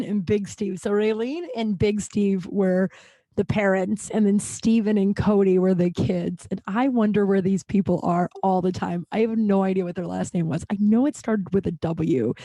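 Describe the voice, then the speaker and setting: A woman's voice: mid-range voice, no room sound. A woman in her thirties hosting a podcast, telling childhood stories in a chatty, rambling way full of "like" fillers. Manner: chatty, lots of "like" fillers, animated retelling. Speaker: podcast host. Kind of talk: casual storytelling monologue.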